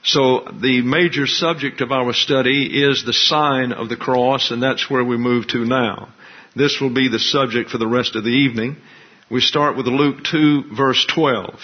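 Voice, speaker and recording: A man of middle pitch preaches an expository sermon in a deliberate, explanatory manner. His teaching comes through a dull, lo-fi recording. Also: steady tone. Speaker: pastor.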